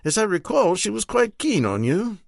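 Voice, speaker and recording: A man voicing a genteel, teasing British admiral in an audiobook, pitched well above his own voice. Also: big pitch swings, moderate pace, creaky, dry recording, clean studio sound, heavily acted. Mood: amused.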